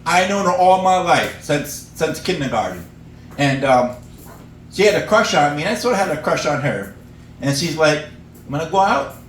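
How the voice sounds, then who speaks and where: A man's voice: on the high side, big pitch swings, moderate pace, fairly bright tone, echoey room, far from the mic, a little hiss or hum, rough recording. A middle-aged man from upstate New York doing an open-mic stand-up set at a cafe, telling stories, laughing at his own jokes and acting out characters and animal noises. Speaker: stand-up comedian.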